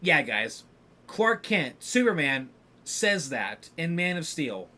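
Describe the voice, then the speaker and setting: A man's voice: on the high side, sing-song, slow, pushed and bright. A man hosting a podcast, ranting in casual solo commentary with lots of filler words and restarts. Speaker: podcast host.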